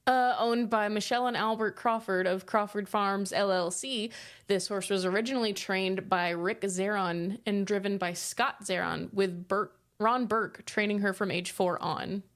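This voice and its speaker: A woman's voice: mid-range voice, steady tone, normal speed, a bit bright. A woman co-hosting a casual podcast, reading out trivia clues and joking and swearing as she goes.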